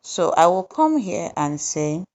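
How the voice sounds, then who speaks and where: A woman hosting a software tutorial, explaining each step deliberately and pausing with fillers as she goes. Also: lowish voice, big pitch swings, muffled recording. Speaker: tutorial host. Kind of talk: screen-recorded software tutorial narration.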